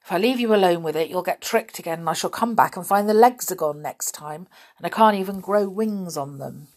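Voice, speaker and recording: A woman voicing a bossy little male pixie in a children's storybook, brisk and lecturing. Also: fairly low pitch, darkish tone, lightly acted. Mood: gloomy.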